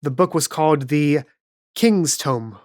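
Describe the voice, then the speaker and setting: Low-voiced woman game master. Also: lively intonation, slow pace, darkish tone, no room sound, studio quality. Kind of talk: narrating a tabletop game.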